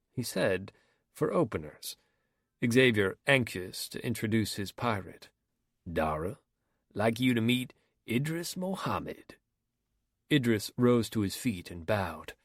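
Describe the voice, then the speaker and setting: A man reading a crime thriller audiobook in a measured, cool storytelling manner. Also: lowish voice, dry recording, studio quality. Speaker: audiobook narrator. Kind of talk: scripted narration.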